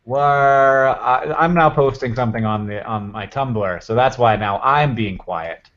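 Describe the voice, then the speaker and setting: A man hosting a live stream, chatting casually in a halting, joking way. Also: medium pitch, fairly bright tone, muffled recording. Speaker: host.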